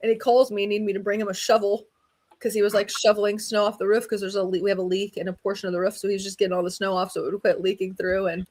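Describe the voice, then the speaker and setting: A woman's voice: mid-range voice, quick pace. A young woman co-hosting a podcast, chatting casually and acting out quotes in her stories. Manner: animated storyteller, acts out quotes. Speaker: podcast co-host. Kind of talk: casual chat.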